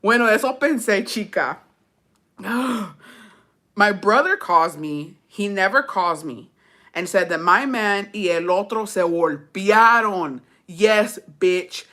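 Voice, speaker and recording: A woman's voice: mid-range voice, animated, slow, bright, forceful tone. A young woman reading a storytime aloud in slangy, profane English with Spanish mixed in, breaking off to laugh and comment.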